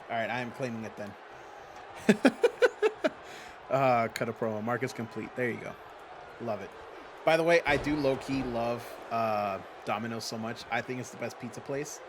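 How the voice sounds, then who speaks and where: A man with a medium-pitched voice runs a livestream for his fantasy wrestling league, commentating a wrestling game as he banters playfully with viewers. He addresses the chat directly, and background noise can be heard.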